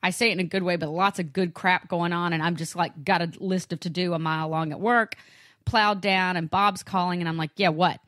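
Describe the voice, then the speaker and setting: Lively woman telling a story. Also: on the low side, fairly quick, no room sound, studio quality. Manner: lively, animated storyteller acting out her own lines. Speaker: podcast co-host. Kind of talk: casual chat.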